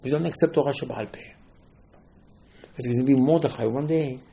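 Gravelly emphatic male rabbi. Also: medium pitch, fairly quick, warm tone, slight background noise. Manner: emphatic, rhetorical questions, acts out dialogue. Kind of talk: Torah lecture.

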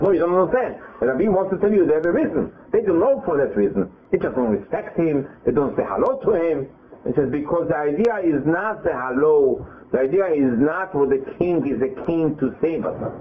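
A man teaches a Torah lesson, acting out the scripture as back-and-forth dialogue and often restarting mid-sentence. His fairly high voice leaps about in pitch as he talks. The sound is thin and tinny, like a phone line. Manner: lively, retells scripture in quoted dialogue, frequent restarts. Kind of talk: animated Torah class.

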